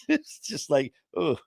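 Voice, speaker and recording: A man's voice: medium pitch, a little slow, darkish tone, no echo, studio quality. Rambling man telling a funny story. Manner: rambling, frequent fillers, laughs at own stories; swears casually. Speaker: podcast host. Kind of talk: casual storytelling chat. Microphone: home streaming setup.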